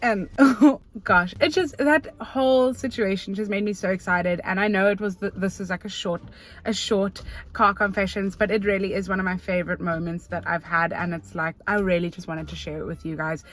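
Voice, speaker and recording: Young south african woman, excitable and chatty, filler-heavy storytelling, talking in a car. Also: medium pitch, moderate pace. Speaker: vlogger. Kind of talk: casual storytelling to camera. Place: parked car.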